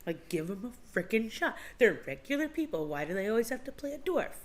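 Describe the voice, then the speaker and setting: A woman's voice: a little high, big pitch swings, a little fast. A woman co-hosting a live movie chat show, laughing often and acting out scenes as she talks. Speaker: podcast co-host. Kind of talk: casual chat.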